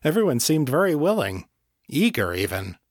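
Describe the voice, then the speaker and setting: A man's voice: fairly high pitch, big pitch swings, normal speed, no room sound, studio quality, pitched above the performer's own voice. Man voicing a drawling, smug incubus. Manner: drawling, mocking. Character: smug male incubus, cocky and teasing.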